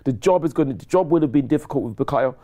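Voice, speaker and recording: A man talking football on a casual chat show, excitable and repeating himself, laughing often. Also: mid-range voice, racing. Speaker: pundit.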